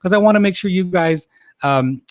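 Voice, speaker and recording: A man's voice: high-pitched, moderate pace, no room sound, studio quality. A man in his forties hosting a casual livestream, chatting with viewers, laughing often and stumbling over his words. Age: 40s. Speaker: host.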